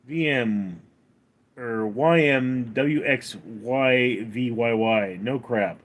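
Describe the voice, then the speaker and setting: A man hosting a livestream at home, reading chat comments aloud and answering them deadpan. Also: medium pitch, extremely slow. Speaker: livestream host.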